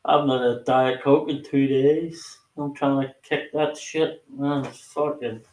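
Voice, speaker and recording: A man's voice: medium pitch, steady tone, unhurried, a little mellow, reverberant. A man chatting casually on a group video call, swearing freely and sounding tired and restless. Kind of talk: casual chat.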